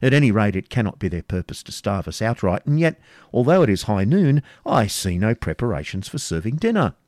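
A man's voice: fairly low pitch, sing-song, a little fast, darkish tone, no room sound, studio quality. A man voicing a placid, food-minded noble with a plaintive, mildly complaining manner in an audiobook reading.

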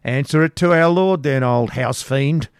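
A man voicing a gruff, mocking man-at-arms who taunts loudly in a storybook reading. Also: mid-range voice, measured pace, no echo, clean studio sound, voice pushed up, close to an everyday voice. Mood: taunting. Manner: loud, taunting.

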